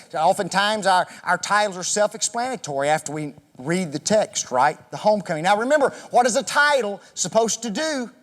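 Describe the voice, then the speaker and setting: A man teaching an interactive Bible class in a church classroom, quizzing the group with questions and joking with them. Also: high-pitched. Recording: echoey hall reverb.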